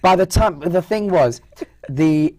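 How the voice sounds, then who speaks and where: A man with an English accent telling stories from his stage career in a relaxed, self-mocking way. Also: a little high, slow, background noise. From United Kingdom. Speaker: stage performer and guest. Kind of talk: casual interview chat.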